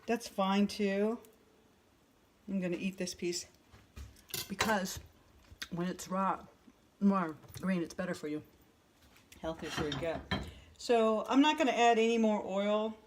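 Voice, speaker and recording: A woman's voice: mid-range voice, noisy background. A woman in her fifties hosting a casual home cooking demonstration, chatty, thinking aloud as she works and joking at her own expense. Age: 50s. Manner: chatty, thinks aloud, jokes and laughs at herself. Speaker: cooking vlog host. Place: home kitchen. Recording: sizzling pan and clattering dishes behind.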